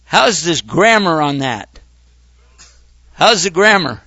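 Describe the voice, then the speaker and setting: A man lectures a gathered audience in an animated way, firing off rhetorical questions. His voice sits high and sounds bright. The recording is dry with no room echo. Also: slow pace. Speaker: Islamic lecturer. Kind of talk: public talk to an audience.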